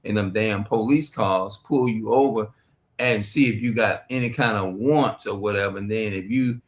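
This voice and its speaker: A man's voice: lowish voice, moderate pace. A man giving a rambling, profane religious monologue on a stream, reading scripture aloud between his remarks. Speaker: street preacher.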